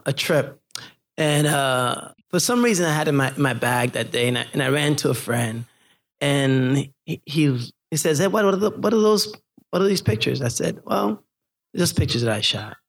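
A middle-aged man, a photographer, telling stories in an interview and acting out the people he quotes, laughing often. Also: medium pitch. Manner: animated, acts out quoted voices, laughs often. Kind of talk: interview storytelling.

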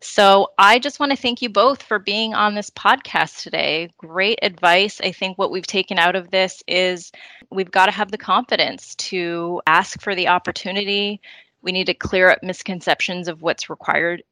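A woman's voice: medium pitch, moderate pace, pushed and bright, no echo, low-quality recording. A woman hosting a podcast, summarizing the talk in an affirming way. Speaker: podcast host. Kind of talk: wrapping up a podcast.

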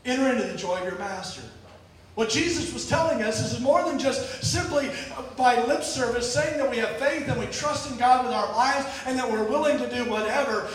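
A man preaches with a high-pitched voice in a church. His voice booms back off the walls from a distance, with a faint hiss of room noise under it. He restarts his phrases often and swings from loud outbursts to near murmurs. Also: normal speed. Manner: storytelling, animated with sudden shouts and quiet drops; repeats words and restarts often. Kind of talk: sermon. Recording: echoey hall from far off.

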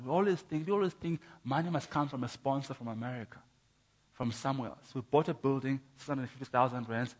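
A man preaching his testimony in a church, emphatic, with rhythmic contrasts and stammering repeats. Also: medium pitch. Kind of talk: sermon.

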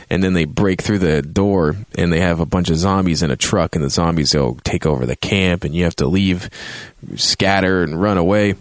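A low-pitched male voice, recorded close and dry with no room around it. He recaps a game in a loose, rambling way, peppering it with swearing and jumping into raised voices for reactions. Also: no room sound. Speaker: host reviewing a video game. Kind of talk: casual spoken review.

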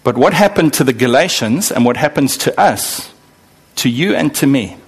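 A man's voice: medium pitch, normal speed, breathy edge. A man preaching a sermon to a congregation, asking them questions and answering them himself, and acting out the voices of worried believers. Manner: animated, acts out voices of believers and God. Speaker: pastor.

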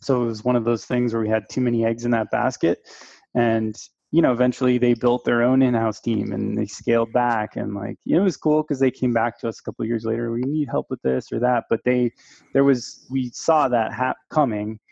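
Gravelly guy, thoughtful and measured, dry dull mic. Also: medium pitch, steady tone, darkish tone, no echo. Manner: measured, reflective. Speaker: digital agency owner, guest. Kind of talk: casual business chat.

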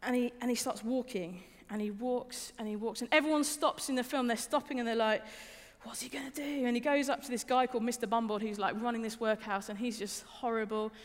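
A woman's voice: fairly high pitch, fairly even intonation, fairly quick, few pauses. A young adult woman giving a conversational sermon, informal and personal, often repeating words and asking the listeners questions. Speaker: preacher. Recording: reverberant hall.

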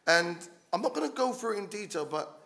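A man preaching a sermon, passionate and urging, who often restarts his words and swells to loud calls to his congregation. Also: high-pitched, sing-song, brisk, vocal fry. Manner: passionate, rising to loud exhortation with frequent restarts.

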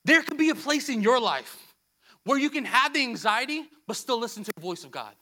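Male pastor, very high and bright tone, emphatic sermon delivery with repeated phrases. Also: sing-song, fairly quick. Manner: emphatic, repeats key phrases, swings between soft and loud.

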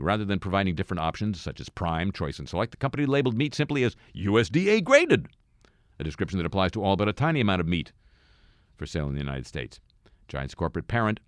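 A low-voiced man reads the week's news on a radio show. He talks quickly, with a lively pitch that rises and falls, and slips in dry jokes. The studio sound is close and dry. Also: no echo. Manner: wry, deadpan asides between news items. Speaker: radio host. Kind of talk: satirical news commentary.

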